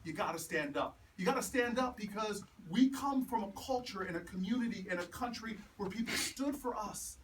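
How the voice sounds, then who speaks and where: High-voiced man speaking at a house party. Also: normal speed, hardly any pauses. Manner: animated storyteller building to repeated rallying refrains. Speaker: politician. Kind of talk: campaign speech with personal stories. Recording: distant mic with room noise.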